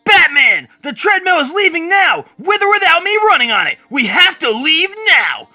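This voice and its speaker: A man voicing an urgent young male speedster hero, yelling in a rush. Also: extremely high pitch, big pitch swings, moderate pace, no echo, studio quality, voice pushed up, full character voice.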